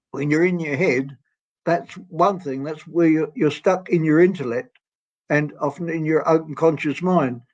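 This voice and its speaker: Man in his 80s, guest storyteller, higher pitch, meandering and genial, dull lo-fi sound. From England. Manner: gentle, rambling, laughs often. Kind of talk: storytelling interview. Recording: dull lo-fi audio.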